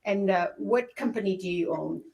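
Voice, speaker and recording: A woman questioning a witness in court in a formal, measured way. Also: mid-range voice, gravelly, crowd noise. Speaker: trial attorney.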